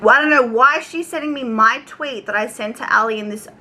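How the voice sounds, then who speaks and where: A woman's voice: fairly high pitch, brisk, sharp tone, low-quality recording. A young Australian woman telling a storytime rant in a casual, chatty way, swearing, wandering off on tangents and acting out her conversations. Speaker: YouTube commentary vlogger.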